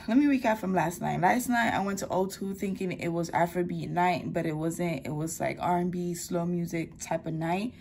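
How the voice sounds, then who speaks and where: A woman's voice: fairly low pitch, normal speed, a little mellow, slight background noise. Chatty young woman vlogging on her phone. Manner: chatty, blunt and candid, uses slang. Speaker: travel vlogger. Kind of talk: casual vlog talk to camera. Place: hotel room.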